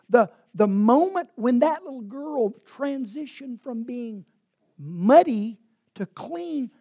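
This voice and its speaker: Woman preacher, breathy and warm, sermon storyteller. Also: high-pitched. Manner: storytelling, swinging from loud to hushed whispers.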